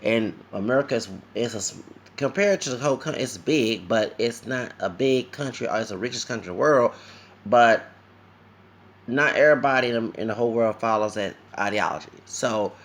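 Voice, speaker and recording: A tired man from Louisiana with a Louisiana accent, talking fast and rambling in an opinionated livestream monologue. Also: medium pitch. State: tired, sleepy. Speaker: vlogger.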